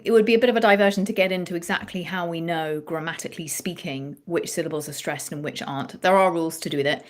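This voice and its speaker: A woman songwriting coach explaining ideas in an animated interview chat, restarting her phrases as she thinks aloud. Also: fairly low pitch.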